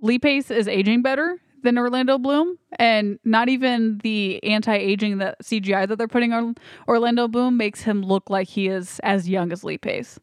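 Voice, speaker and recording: A woman's voice: fairly high pitch, moderate pace, few pauses, dry recording, studio quality. A woman co-hosting a podcast, recapping scenes in a casual, exasperated chat. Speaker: podcast co-host. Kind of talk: casual movie review chat.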